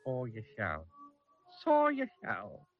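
A man's voice: medium pitch, wildly swooping pitch, slow pace, narrow, tinny audio, soft background music. A man voicing a cheeky, skipping little male goblin in a teasing, sing-song way for an old cartoon. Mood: impish.

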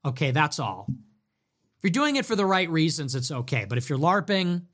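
A man's voice: a little high, sing-song, normal speed, a bit bright. A young man ranting profanely and sarcastically as a livestream host.

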